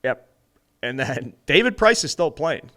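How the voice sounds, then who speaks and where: American podcast co-host, 30s, loose and rambling, lots of fillers. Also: male voice, a little high, sing-song, a little slow, sharp tone. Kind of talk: casual sports chat with host-read ad.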